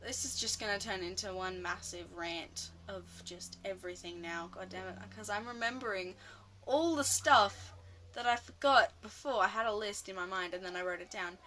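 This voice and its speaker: A woman ranting casually about a film, rambling excitably and often losing her train of thought. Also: medium pitch, moderate pace, slight background noise. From Australia. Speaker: vlogger.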